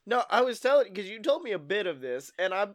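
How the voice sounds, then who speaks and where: A man's voice: high-pitched, fast talker. A man hosting a podcast in casual chat, joking and swearing freely. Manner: swears freely, jokey and animated. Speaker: podcast host.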